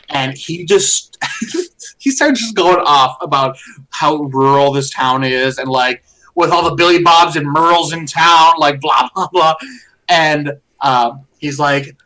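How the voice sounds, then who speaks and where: A man with a slightly higher voice co-hosts a podcast in a casual, rambling way. He retells movie scenes and jokes from a close desk mic. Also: measured pace, bright, forceful tone. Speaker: podcast co-host. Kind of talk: casual chat.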